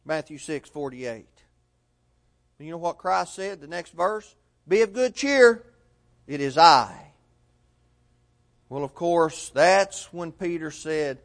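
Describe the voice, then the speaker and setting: A man's voice: a little high, lively intonation, takes it slowly, pauses often. A man preaching a sermon in a church, telling a Bible story and quoting its figures with rising emphasis.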